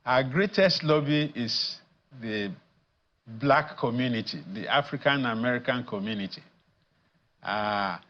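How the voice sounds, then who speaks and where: A man, a guest addressed as professor, speaking in a measured, deliberate way with frequent pauses and fillers in a studio news interview. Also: mid-range voice, fairly bright tone, highs cut off. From Nigeria.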